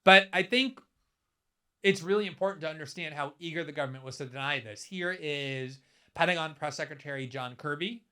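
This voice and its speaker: A man in his fifties talks straight through a commentary monologue, stressing words hard and stacking rhetorical questions. His voice is bright and forceful and sits a little high for a man. He keeps pressing one argument without letting up. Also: fairly quick, clean tone. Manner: emphatic, building rhetorical questions. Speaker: political commentator.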